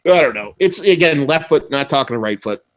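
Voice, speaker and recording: A young man co-hosting a beer podcast, telling stories in a rambling, profane, animated way. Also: a little high, fairly quick. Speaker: podcast co-host. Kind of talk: casual chat.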